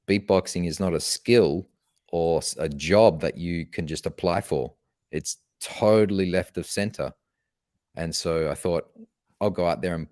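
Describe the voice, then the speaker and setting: A man with a very low, deep voice answers interview questions on a podcast. He tells his story in an earnest, measured way. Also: darkish tone, no room sound, clean studio sound. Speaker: podcast guest, motivational speaker. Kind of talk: conversational interview.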